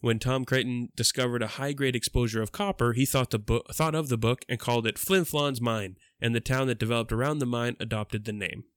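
A man from Canada in a relaxed podcast chat, his pitch sitting in the middle of the range. He stumbles a bit, laughs easily and reads trivia aloud between jokes. The sound is dry and close, with no room around it. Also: fairly quick, few pauses, clean tone, no echo. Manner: jokey, laughs often, reads facts aloud with fillers. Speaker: podcast co-host. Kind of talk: casual chat.

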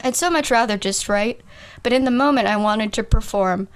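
A woman's voice: fairly high pitch, normal speed, clean tone. A young woman co-hosting a comedy podcast, giggly and self-deprecating, chatting casually and trying silly impressions. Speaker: podcast co-host.

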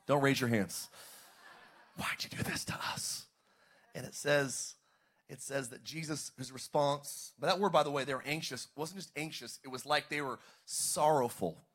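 A man preaching a sermon as pastor, calling out to the congregation and rising to shouts. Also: mid-range voice, moderate pace, breathy edge. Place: church service, streamed online.

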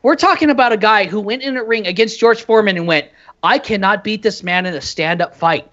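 A man co-hosting a casual podcast, animated and hesitant, with many fillers. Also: high voice, a little fast. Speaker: podcast co-host. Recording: dull lo-fi audio.

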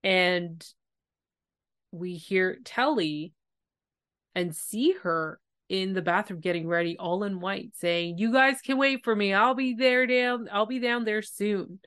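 A woman's voice: mid-range voice, takes it slowly, fairly bright tone, no room sound, studio quality. A woman hosting a podcast, recapping a TV episode in casual, emotive chat and acting out the scenes. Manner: emotive, retells scenes with acted quotes. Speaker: podcast host.

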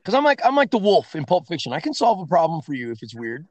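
A man, a podcast guest, telling crude, profane stories in a loud, animated way during a casual chat. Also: on the high side, fast, dry recording, lo-fi sound.

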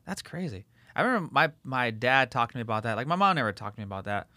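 A man's voice: medium pitch, lively intonation, fast, bright, forceful tone, no room sound. A man, hosting a podcast and telling a rambling, profane story with lots of fillers. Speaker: podcast host. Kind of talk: casual chat.

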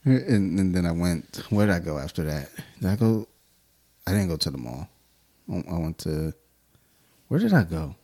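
A man's voice: low-pitched, sing-song, moderate pace, long pauses, mellow. A man co-hosting a beer podcast, telling stories in casual profane chat and acting out quoted lines. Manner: profane, storytelling with mimicked quotes. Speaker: podcast co-host. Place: home studio.

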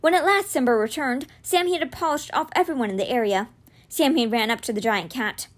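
A woman reading a children's fantasy novel aloud, narrating expressively. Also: brisk. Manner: expressive, voices dialogue with raised pitch. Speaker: reader.

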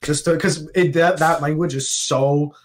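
A man's voice: on the high side, fairly even intonation, measured pace. Rambling young Canadian man. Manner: rambling, filler-heavy, laughing. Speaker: podcast co-host. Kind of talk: casual chat.

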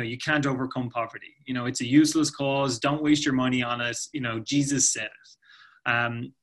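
Halting, thoughtful male podcast guest. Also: medium pitch, bright, forceful tone. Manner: thoughtful, halting, many "you know"s. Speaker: nonprofit ministry guest. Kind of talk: podcast interview answer.

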